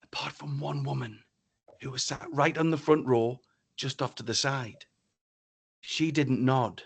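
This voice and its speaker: A middle-aged man, a business speaker, tells a story to an online audience in a lively way and acts out the dialogue with exclamations. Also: medium pitch, a little slow, gravelly, husky.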